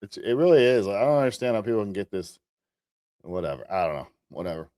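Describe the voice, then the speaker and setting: A man with a fairly low voice hosts a commentary show, reacting to clips with casual, mocking sarcasm. His voice sounds close and dry, with no room sound. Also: big pitch swings, fast, warm tone, no room sound. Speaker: host and commentator. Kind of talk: commentary over played clips.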